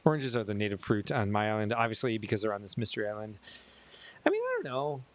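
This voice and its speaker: A man's voice: on the low side, wildly swooping pitch, quick pace. A man with a Chicago accent, a bit tipsy from whiskey, rambling casually and poking fun at himself as he chats with viewers during a livestream. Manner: rambling, self-mocking, talks to chat. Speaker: streamer. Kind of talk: casual game livestream chat.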